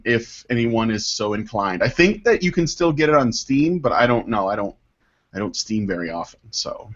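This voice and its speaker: A man's voice: medium pitch, a bit bright. A man hosting a casual podcast, rambling with many fillers and swearing freely while reading listener mail. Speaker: podcast host. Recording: dull lo-fi podcast audio.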